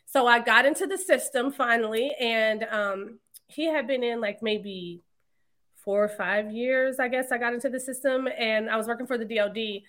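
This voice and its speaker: A woman in her thirties, a podcast guest, telling her story in a casual, animated way and laughing often. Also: a little high, normal speed. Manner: animated, laughs often, quotes others in lively voices. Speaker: podcast guest, marketing entrepreneur.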